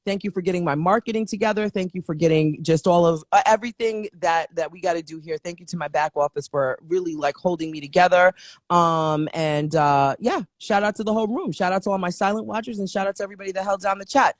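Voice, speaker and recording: A woman's voice: fairly low pitch, quick pace, no echo, studio quality. A woman hosting her own show, signing off in a chatty, playful way with many fillers. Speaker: show host. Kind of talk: casual show sign-off.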